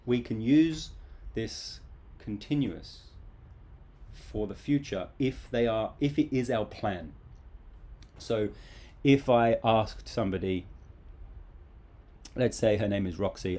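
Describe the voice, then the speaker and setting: A man's voice: fairly low pitch, warm tone. A man teaching English grammar in a casual, playful live online class.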